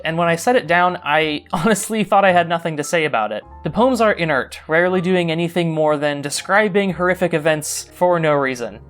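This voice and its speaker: A young man narrating a scripted video essay as a literary critic, with dry, wry asides. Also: on the high side. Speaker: literary critic, club co-host.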